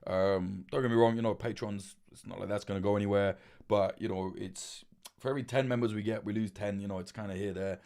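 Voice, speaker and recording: A man's voice: lowish voice, fairly even intonation, brisk, gravelly, a little mellow. Rambling, swearing man. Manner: rambling, swears freely, many fillers and restarts. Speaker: livestream host. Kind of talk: casual livestream chat.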